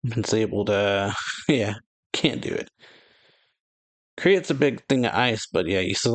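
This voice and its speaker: A man's voice: lowish voice, a little slow, long pauses. A man hosting an anime reaction, casually recapping a manga chapter and reading its dialogue aloud with light chuckles. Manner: relaxed, reads quotes plainly with light chuckles.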